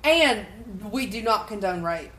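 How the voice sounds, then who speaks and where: A woman's voice: mid-range voice, animated, measured pace, bright, forceful tone. A woman co-hosting a podcast in casual chat, playful and cheeky as she brings up topics. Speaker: podcast co-host.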